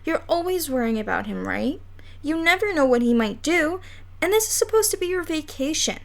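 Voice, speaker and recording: Woman reading bossy know-it-all girl, storybook, high, self-assured. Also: big pitch swings, normal speed, vocal fry, heavily acted. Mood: persuasive. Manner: confident, persuasive.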